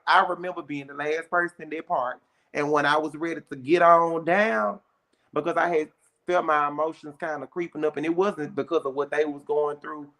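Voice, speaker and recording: A young adult woman, a guest on a casual chat show, telling a story in an animated way with plenty of slang. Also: sits low.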